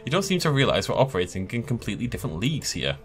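A smug, scheming rival merchant from a video game who talks down to everyone , as a man reads his lines aloud. His delivery swoops with lively pitch, and faint game music plays underneath. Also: rapid-fire, close to an everyday voice. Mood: taunting. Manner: condescending, taunting.

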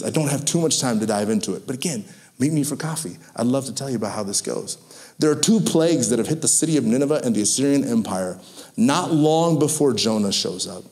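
A man preaching a sermon, telling stories with lively acted-out quotes. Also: medium pitch. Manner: animated storytelling with acted-out quotes. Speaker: pastor.

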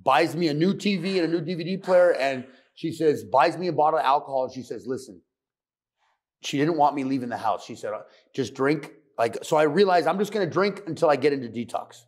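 With a slightly high, somewhat mellow voice, a middle-aged man shares his addiction recovery on a podcast. His delivery is quick, intense, profane and unflinchingly blunt.

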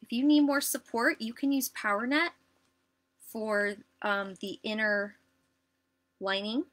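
Bright chatty lady doing a live sewing lesson, lots of ums. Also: a little high, steady tone, slow pace. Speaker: sewing instructor. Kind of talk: casual live sewing tutorial.

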